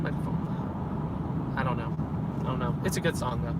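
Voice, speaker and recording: A man's voice: mid-range voice, normal speed, long pauses. A young man vlogging in a vehicle, musing aloud in a digressive, self-interrupting way. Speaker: Christian vlogger. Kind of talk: rambling casual monologue. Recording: loud road noise. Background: loud vehicle and road noise.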